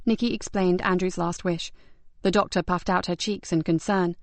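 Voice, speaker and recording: A woman narrating a crime novel audiobook in a measured, even storytelling manner. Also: medium pitch, dry recording. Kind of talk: scripted narration.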